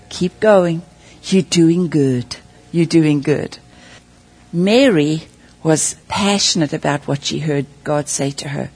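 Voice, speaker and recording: A woman preaching a sermon, telling stories with lively acted-out voices and spoken prayers. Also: lowish voice, slightly rough. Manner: animated storytelling, acting out voices and prayers.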